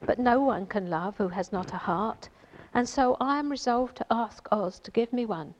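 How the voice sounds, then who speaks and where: Brief: woman reading a gentle storybook tin man, wistful and kind, near her own voice. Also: fairly high pitch, moderate pace, highs cut off, lightly acted.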